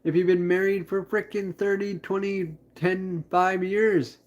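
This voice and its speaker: A man's voice: sits high, little pitch movement, unhurried, hardly any pauses, lo-fi sound. Rambling upbeat man streaming live. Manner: rambling, upbeat, heavy on fillers. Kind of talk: casual live-stream chat.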